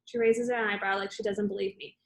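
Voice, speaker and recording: A woman's voice: mid-range voice, little pitch movement, fairly quick, low-quality recording. A woman reading a novel aloud in first person, plainly, with small slips and self-corrections. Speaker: audiobook reader.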